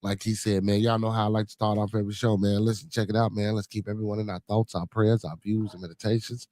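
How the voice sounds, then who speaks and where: A man's voice: lowish voice, flat delivery, fast talker, darkish tone. A man hosting a casual livestream podcast, talking in slang and repeating his catchphrases three times over. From Chicago. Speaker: podcast host.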